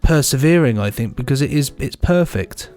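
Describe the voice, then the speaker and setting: A man's voice: mid-range voice, lively intonation, moderate pace, darkish tone, faint music behind. An English man co-hosting a podcast, chatting enthusiastically and laughing often. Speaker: podcast co-host. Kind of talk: casual chat.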